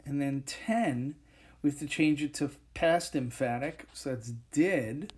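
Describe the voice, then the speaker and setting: In a whiteboard recording, a man teaches English grammar, breaking it into steps while pausing frequently and leaning on fillers. His voice is a touch high with a darkish tone.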